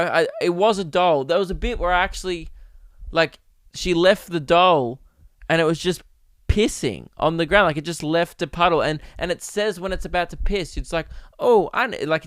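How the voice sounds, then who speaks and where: Brief: young Australian man, higher-pitched smooth voice, loose comic podcast rant. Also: no echo, clean studio sound. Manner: rambling, animated, swears freely. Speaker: podcast host. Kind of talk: casual comedic monologue. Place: home podcast setup.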